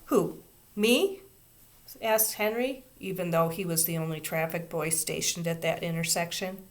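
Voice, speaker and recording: A woman, a teacher, reading a children's chapter book aloud with expressive, steady storytelling. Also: on the low side, moderate pace.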